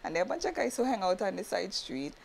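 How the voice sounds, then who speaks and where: A woman, co-hosting a casual chat as an animated storyteller who laughs often. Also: mid-range voice, quick pace, vocal fry.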